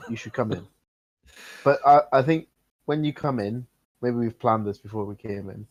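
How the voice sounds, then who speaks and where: A man playing a tabletop game over an online call, deliberately talking his plans through out loud. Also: mid-range voice, no echo, low-quality recording. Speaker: player. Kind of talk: casual tabletop play.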